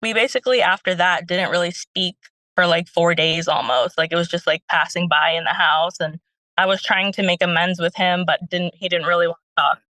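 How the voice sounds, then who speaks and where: With a lowish, steady voice that is brisk and sharp, a young stay-at-home mom calls in and tells her story in a rambling way. She leans on many fillers and repeats quotes from others. The recording is dry and of poor quality.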